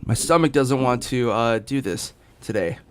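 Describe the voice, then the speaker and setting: A young man streaming games from home, talking in a loose, rambling way. He is hiccuping, fills his talk with ums and restarts, and his voice stays smooth and resonant at an ordinary middle pitch. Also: moderate pace. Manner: rambling, full of fillers and restarts. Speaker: gaming streamer. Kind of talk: casual rambling chat. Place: home in Los Angeles.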